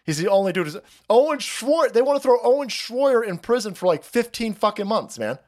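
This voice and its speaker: Sing-song and high, with a darkish tone, his voice moves a little fast as he rants crudely about politics on his livestream. He's foul-mouthed and mocking, stammering and restarting, laughing at his own jokes and thanking chat viewers by reading their messages.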